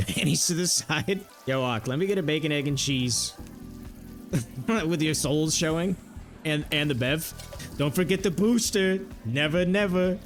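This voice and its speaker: A young man streaming a game, riffing jokes to his chat and laughing often. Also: fairly high pitch. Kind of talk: casual livestream banter while gaming.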